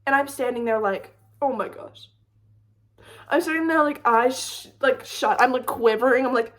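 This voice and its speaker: A young woman telling a storytime vlog story in a chatty, animated way, full of "like". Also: a little high, fairly quick. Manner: chatty, lots of "like", animated retelling. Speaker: storytime creator. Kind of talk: casual storytime chat.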